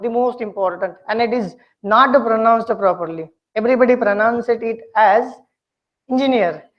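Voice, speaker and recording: A woman teaching a pronunciation lesson, speaking slowly and deliberately and repeating words for her students to copy. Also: a little high. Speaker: English communication skills teacher. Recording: dull lo-fi lecture recording.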